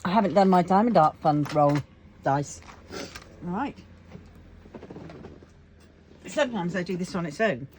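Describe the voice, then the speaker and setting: Lady with a low voice rambling to her camera at home, lots of ums, faint typing in the background. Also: expressive, a little slow, pauses often, darkish tone, slight background noise. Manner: chatty, rambling, thinking aloud with many fillers. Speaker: crafting vlogger. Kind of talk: casual chat to camera.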